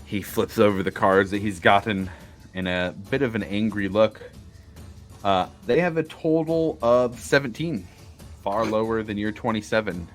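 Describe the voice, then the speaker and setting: A man's voice: on the low side, moderate pace, faint music behind. A man narrating as game master of a tabletop game, hesitant and full of fillers.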